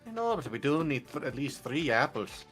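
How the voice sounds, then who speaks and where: Bright-voiced playful gaming streamer man. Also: medium pitch, big pitch swings, moderate pace, slightly rough, soft background music. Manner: playful, laughs often, mock-offended teasing. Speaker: streamer playing a farming game. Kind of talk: casual gaming chat.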